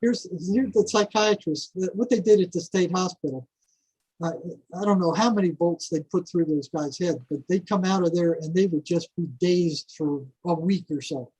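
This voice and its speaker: A husky older man with a slightly high voice, spinning stories as a podcast guest. He talks casually and with energy, doubling up words as he goes and breaking into small chuckles. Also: normal speed, low-quality recording. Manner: animated storyteller who repeats words and chuckles. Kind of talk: casual storytelling.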